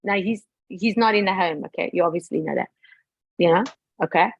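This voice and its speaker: Husky woman telling a family story, animated, voices the quoted lines herself, dry close mic. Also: on the low side, fairly quick, no room sound, muffled recording. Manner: animated, acts out quoted dialogue. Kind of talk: casual storytelling chat.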